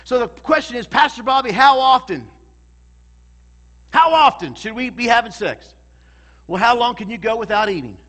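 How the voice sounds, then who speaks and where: A man's voice: very high-pitched, lively intonation, normal speed, long pauses, pushed and bright. A male pastor preaching a sermon in a church, emphatic and calling out to the congregation for responses.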